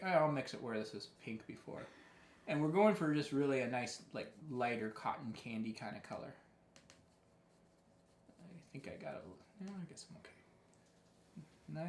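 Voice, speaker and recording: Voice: mid-range voice, lively intonation, a little slow, a little hiss or hum. Painting teacher talking thru a live tutorial, chatty and encouraging, kinda echoey room. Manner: chatty, self-correcting, encouraging. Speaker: painting instructor.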